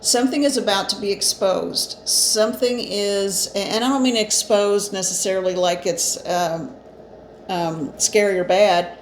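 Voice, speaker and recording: A woman's voice: medium pitch, fairly even intonation, measured pace. A woman giving a casual spiritual card reading, chatty and reassuring, with fillers and restarts, a bit short of breath. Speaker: psychic reader. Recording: echoey room, faint ambient noise.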